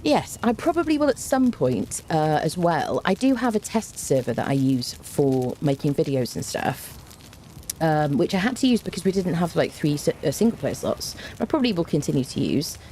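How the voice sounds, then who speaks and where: A woman's voice: low voice, sing-song, normal speed, warm tone, a little hiss or hum. A young woman streaming a game, chatting casually with viewers, greeting them by name with plenty of fillers. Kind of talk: casual live-stream chat.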